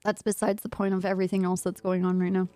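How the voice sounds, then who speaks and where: A woman's voice: fairly low pitch, level tone, fast talker, dark tone, no echo. A woman streamer chatting casually while gaming, telling a rambling story and laughing often. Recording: faint music behind.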